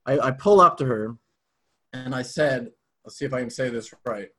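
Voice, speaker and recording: A man as an interview guest telling a personal story in a casual, animated way. He swears freely. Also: mid-range voice, normal speed.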